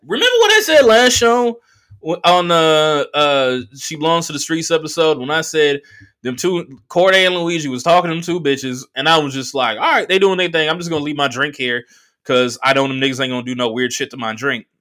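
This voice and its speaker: Animated profane comedian telling a story. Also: male voice, fairly high pitch, fairly quick. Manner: profane, animated, lots of fillers. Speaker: comedian and podcast host. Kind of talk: casual storytelling monologue.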